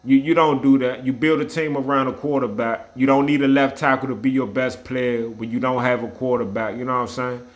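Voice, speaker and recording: Blunt, swearing football fan ranting. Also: male voice, mid-range voice, fairly even intonation, brisk, few pauses. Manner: blunt, repetitive, trash-talking, swears often. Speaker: sports vlogger. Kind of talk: casual opinionated rant.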